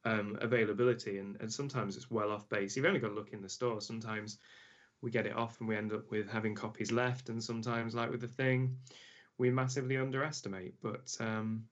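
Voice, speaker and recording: Co-host, mid-pitch, relaxed rambler, muffled lo-fi call audio. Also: male voice, fairly quick. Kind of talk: casual podcast chat. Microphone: remote call audio.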